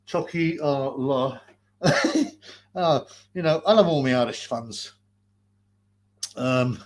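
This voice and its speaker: A livestream host with a medium-pitched, darkish voice takes it slowly, leaving long pauses. Masked in a hot basement, he rants crudely and profanely, mocking people between laughs.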